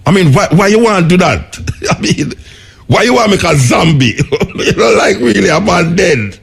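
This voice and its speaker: Gravelly Jamaican radio host. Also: male voice, high voice, normal speed. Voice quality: raspy, gravelly. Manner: animated, laughing, repeats words, patois. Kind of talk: casual on-air chat.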